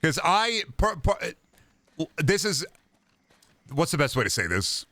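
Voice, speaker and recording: A hoarse man streaming a game, chatting casually in a rambling, profane way that keeps restarting. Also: a little high, very animated, takes it slowly, bright, forceful tone, dry recording. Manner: rambling, profane, self-interrupting. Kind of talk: casual gameplay chat.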